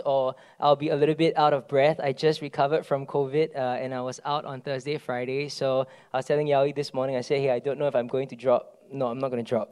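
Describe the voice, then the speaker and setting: A man's voice: a little high, darkish tone, clean tone. A man, preaching a sermon in a conversational, storytelling way and often checking in with "right?". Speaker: pastor.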